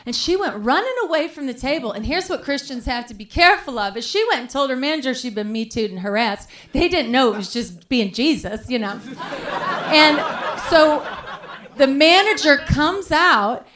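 A woman's voice: high-pitched, expressive, moderate pace, a bit bright, a faint crowd. A woman playing a naive, self-righteous churchgoing lady, telling a story in a sweet, earnest way on a live comedy stage. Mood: chatty. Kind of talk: live comedy podcast character monologue.

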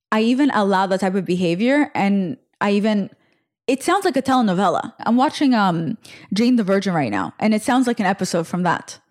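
A woman in her twenties hosting a podcast, telling a personal story in a chatty, animated way with lots of fillers. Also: medium pitch. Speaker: podcast host. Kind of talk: casual storytelling.

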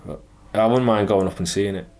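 Sweary animated man telling a story. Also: on the low side, fairly quick, slight background noise. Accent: Manx. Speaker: guest. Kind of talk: casual chat.

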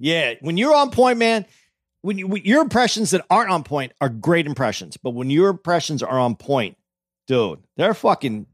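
A man's voice: on the high side, sing-song, normal speed, no room sound, clean studio sound. A man who is a comedian, co-hosting a podcast in casual chat, rambling and repeating his words.

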